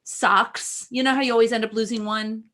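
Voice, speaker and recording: A woman's voice: a little high, fairly even intonation, moderate pace, fairly bright tone. A woman, an opera singer co-hosting a casual chat, who talks in a gushing, rambling way.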